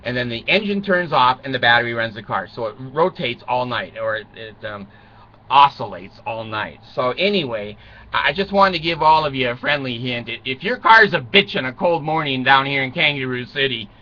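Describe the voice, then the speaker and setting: A man's voice: mid-range voice, expressive, normal speed, sharp tone. An older man telling rambling, self-mocking comic stories, swearing and chuckling, on a dull lo-fi recording. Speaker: vlogger.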